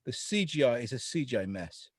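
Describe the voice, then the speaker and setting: A man's voice: medium pitch, big pitch swings, brisk, no echo, studio quality. A man co-hosting a podcast in casual chat, swearing freely and slipping into mocking voice impressions. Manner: swears a lot, mocks voices with exaggerated impressions. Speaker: podcast co-host.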